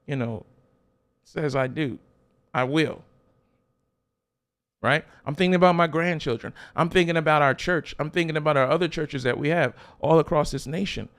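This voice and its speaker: A man's voice: medium pitch, creaky. A man preaching a sermon as a pastor, emphatic, with rhetorical questions and repeated phrases.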